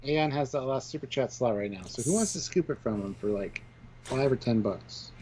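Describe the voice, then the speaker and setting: A man's voice: medium pitch, lively intonation, moderate pace, mellow, a little hiss or hum. A man co-hosting a live review stream, reading out donations in an upbeat way and explaining points. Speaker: co-host reading super chats. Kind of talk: casual live-stream discussion. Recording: slightly dull lo-fi audio.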